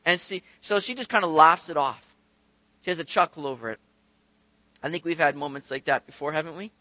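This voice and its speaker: Brief: a high-voiced male pastor, lively and conversational, who acts out the quotes he tells. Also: no echo. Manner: conversational, animated, acts out quoted voices, asks rhetorical questions. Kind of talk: sermon.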